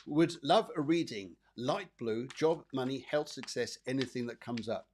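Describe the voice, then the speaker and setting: A man's voice: medium pitch, lively intonation, measured pace, slightly rough. A man hosting a live psychic show, giving chatty, rambling readings and often repeating his phrases. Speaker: psychic medium host.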